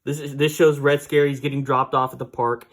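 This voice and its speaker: A man's voice: mid-range voice, flat delivery, brisk. A man casually recapping a comic book issue, rambling with fillers and small laughs.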